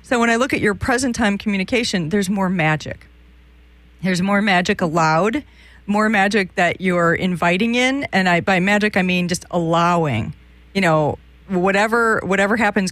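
A woman's voice: medium pitch, normal speed, fairly bright tone, no echo. Chatty woman psychic host. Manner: chatty, meandering, frequent restarts. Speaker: psychic call-in show host. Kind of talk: live call-in psychic readings.

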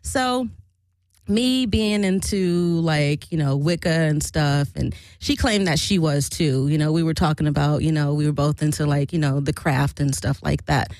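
A woman's voice: sits low, normal speed, darkish tone, no room sound. A woman chatting casually to her camera about her old band, rambling and frank with swearing and frequent laughter.

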